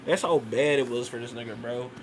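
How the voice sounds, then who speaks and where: A young man giving a loose, slangy, rambling wrestling review, animated and casual. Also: medium pitch, a little fast, a little hiss or hum, low-quality recording.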